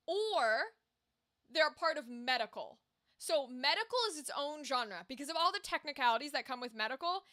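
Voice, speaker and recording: A woman's voice: sits high, sharp tone. A woman streaming as a voice actor, chatting casually and candidly, swearing freely with lots of asides. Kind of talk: casual livestream chat.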